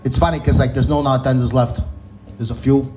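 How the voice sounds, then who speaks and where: A man's voice: medium pitch, fairly even intonation, fairly quick, warm tone, a little hiss or hum, low-quality recording. Man, stand-up comic from the North End, loose profane storyteller, slightly out of it. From Boston North End. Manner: rambling, profane, laughing at own jokes. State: groggy on antihistamine. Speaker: stand-up comedian.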